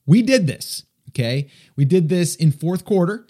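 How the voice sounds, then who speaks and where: A man's voice: high-pitched, big pitch swings, measured pace, dark tone. A man hosting an advice podcast in a chatty, self-deprecating way, with an East Coast American accent. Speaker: podcast host.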